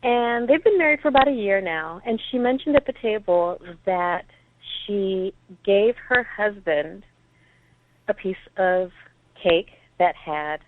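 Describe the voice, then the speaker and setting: A woman's voice: medium pitch, unhurried. Frustrated woman ranting over a phone line. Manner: frustrated, animated storytelling. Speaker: caller. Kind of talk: phoned-in voicemail rant. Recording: tinny phone line with faint hiss.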